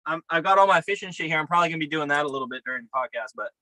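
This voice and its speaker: A man's voice: a little high, lively intonation, rapid-fire, bright, forceful tone, no echo, poor audio. A man co-hosting a podcast over a video call from his camper, talking in a profane, upbeat, rambling way. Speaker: podcast co-host. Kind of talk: casual chat. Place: camper by a river outdoors.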